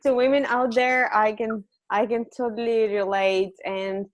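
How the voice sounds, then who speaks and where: A woman's voice: on the high side, fairly even intonation, measured pace, dry recording. A woman hosting a conversation, speaking thoughtfully and reflectively as she searches for her words. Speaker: host.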